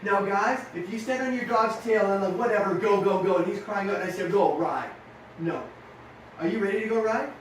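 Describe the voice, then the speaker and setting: Energetic man coaching riders in echoey hall. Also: high voice, brisk, slight background noise. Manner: energetic, storytelling, acts out dialogue. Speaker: riding coach. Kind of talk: motivational talk to young riders. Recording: echoey room, far from mic.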